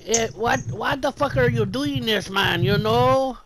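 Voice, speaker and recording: A paranoid sixty-year-old tai chi teacher who rants in a loud, high, strained voice and curses at everyone. He sounds bright and edgy, with threats spilling out between the swearing. A faint hiss sits under his voice. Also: measured pace. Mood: indignant.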